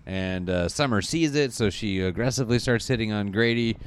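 Low, smooth-voiced man recapping a show. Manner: rambling, does quick mocking voices for characters. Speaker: podcast host recapping a TV episode. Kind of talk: casual comedic recap chat.

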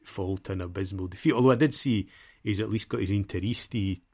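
A man's voice: lowish voice, brisk, darkish tone. A man co-hosting a football podcast, chatting casually in a rambling, self-deprecating way and laughing often. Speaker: podcast co-host.

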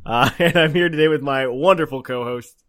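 A man hosting a casual podcast, upbeat and quick to laugh. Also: on the high side, a bit bright. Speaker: podcast host.

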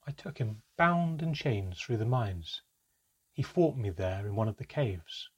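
A man voicing a solemn, reluctant elf storyteller, in a measured, halting way, in a storybook reading. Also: on the low side, lively intonation, breathy edge. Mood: grave.

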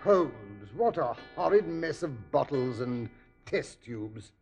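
A man's voice: mid-range voice, sing-song, slow, creaky, darkish tone, faint music behind, exaggerated voice. An actor playing a loyal, blunt and puzzled male doctor companion in a 1940s radio drama, hearty and bluff. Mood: bemused.

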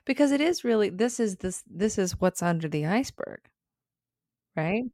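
A woman co-hosting a casual podcast chat, with quick, playful reactions. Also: medium pitch, lively intonation, a little mellow, no echo, clean studio sound. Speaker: podcast co-host.

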